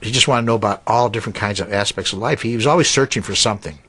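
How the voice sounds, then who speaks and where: A man interviewed for a documentary, recalling the past in a halting, reflective way. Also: on the low side, a bit bright, breathy edge, dry recording.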